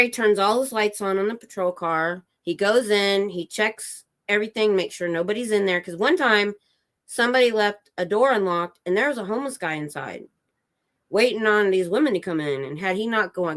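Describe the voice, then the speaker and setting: A woman's voice: mid-range voice, moderate pace, a bit bright. A woman hosting a casual home livestream, telling a long story that wanders and breaks off to check details with her husband. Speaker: livestream host.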